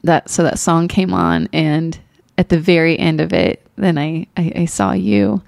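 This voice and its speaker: Animated, emotional woman with a twang. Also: low-pitched, a little slow, gravelly, dry recording, studio quality. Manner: animated, emotional, laughs often. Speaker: podcast co-host. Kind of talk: casual storytelling chat.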